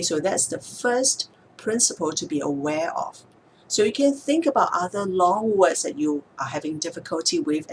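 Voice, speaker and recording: A woman speech therapist explaining speech techniques in a calm, measured way, sometimes slowing down to show a word's stress. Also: deep voice, a little hiss or hum. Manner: calm, measured, demonstrates words slowly with stress. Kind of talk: instructional explanation to camera.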